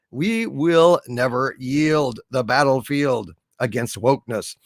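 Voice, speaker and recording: A man hosting a comedy live stream, reading out viewer messages in an animated, halting way with many fillers. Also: a little high, dry recording, clean studio sound. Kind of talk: casual live stream chat.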